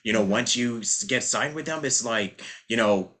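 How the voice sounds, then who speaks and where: A man's voice: medium pitch, normal speed, bright, forceful tone. A man hosting a casual interview, rambling through his questions with fillers and restarts. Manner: rambling, many fillers and restarts, acts out quotes. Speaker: podcast host.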